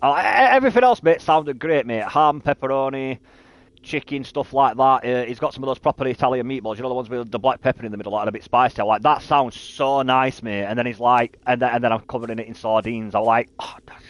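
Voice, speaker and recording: A talkative British man in his thirties rambles casually while streaming a game, often stumbling and repeating words before finishing a sentence. His voice has an ordinary middle pitch for a man, and he talks quickly with no room sound.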